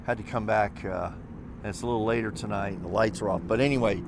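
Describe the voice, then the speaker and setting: A man's voice: fairly low pitch, steady tone, fast talker, noisy background. An older man telling a story in a casual, rambling way, full of fillers and restarts, recorded outdoors in a parking lot. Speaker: vlogger.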